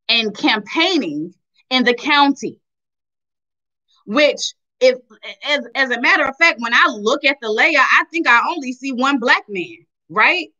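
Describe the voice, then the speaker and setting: Bright-voiced emphatic woman. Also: high voice, muffled recording. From Chattanooga, Tennessee. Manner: emphatic, repeats phrases for stress. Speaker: vlogger. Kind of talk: impassioned commentary.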